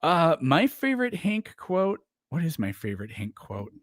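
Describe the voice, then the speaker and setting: A man's voice: a little high, wildly swooping pitch, normal speed, no echo, studio quality. A man chatting casually on a livestream, rambling with lots of fillers and restarts. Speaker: streamer.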